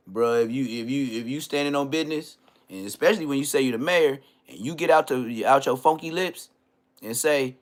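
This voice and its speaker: A man hosting a podcast, delivering a comedic roast rant full of slang and mocking jabs, swinging between loud outbursts and low muttered asides. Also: animated, moderate pace. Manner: trash-talking, heavy slang, mocking. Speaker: podcast host.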